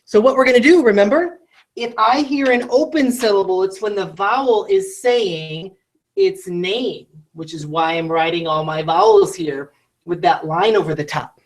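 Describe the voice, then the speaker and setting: A woman teaches children a phonics lesson. She sounds out each word slowly, one syllable at a time, and checks in with the student through quick questions. Her voice is mid-pitched. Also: lively intonation. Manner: talks straight to the student, asking quick questions.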